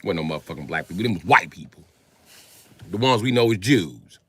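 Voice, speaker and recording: A man talking alone on his livestream in a profane rant, swinging from low muttering to loud shouting. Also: animated, a little fast, breathy edge, dry recording. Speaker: livestream host. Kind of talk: livestream monologue.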